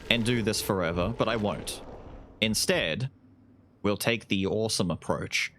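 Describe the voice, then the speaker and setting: A man's voice: lowish voice, a little slow, background noise. A man streaming a video game live, casually commentating, swearing and yelping as fights break out. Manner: excitable, swears, yelps during fights.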